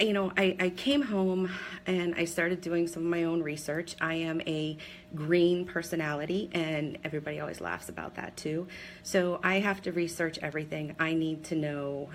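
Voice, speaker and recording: A woman's voice: deep voice, slight background noise, low-quality recording. A woman in her forties from Pennsylvania telling her personal story on a live video in a chatty, candid way, with many ums and laughs at herself. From Pennsylvania, USA. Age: 40s. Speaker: direct seller sharing her story.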